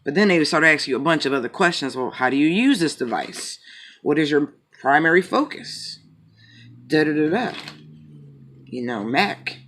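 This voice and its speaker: Guy doing tarot on his channel, cracking jokes n cursing, voice sits a bit high. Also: animated, normal speed, fairly bright tone. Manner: joking, profane, rambling. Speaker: tarot reader. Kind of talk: casual chat and tarot reading.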